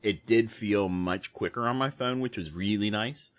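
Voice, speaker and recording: A man co-hosting a casual gaming podcast, talking in a relaxed, chatty way with many fillers. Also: on the low side, normal speed. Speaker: podcast co-host.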